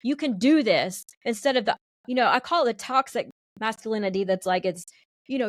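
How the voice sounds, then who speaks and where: A woman hosting a podcast interview, affirming her guest and quick to agree. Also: a little high, no room sound, clean studio sound. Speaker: podcast host, holistic lifestyle coach. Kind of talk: casual interview conversation.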